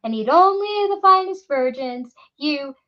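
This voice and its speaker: A woman's voice: high voice, lively intonation, a little slow, voice pushed up. A woman voicing a young man who bellows in a fake, plummy British TV-host accent. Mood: mocking bluster. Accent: bogus plummy British. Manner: bellowing, mock-grand. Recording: dull lo-fi recording.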